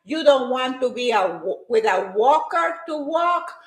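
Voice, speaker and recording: A woman's voice: high-pitched, expressive, measured pace, echoey room. A woman giving a hyper, emphatic motivational talk to her live-stream viewers, repeating her points with force.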